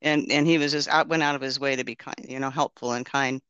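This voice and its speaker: A man's voice: mid-range voice, fairly even intonation, quick pace, pushed and bright, clear, resonant tone, no room sound, highs cut off. A man casually sharing a testimony and praying, telling his story in an earnest, rambling way with many restarts.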